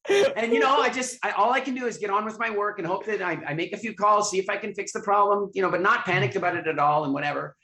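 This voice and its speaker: A man telling a self-mocking business story in an animated way, often repeating words. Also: high-pitched, quick pace, hardly any pauses, roomy sound. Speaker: guest, business owner. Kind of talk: storytelling interview.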